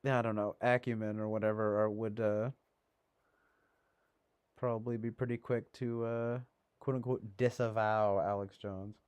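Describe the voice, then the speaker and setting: A man's voice: lowish voice, flat delivery, a little slow, darkish tone, smooth. A man hosting a casual livestream, rambling with lots of fillers and a sarcastic edge. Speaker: livestream host.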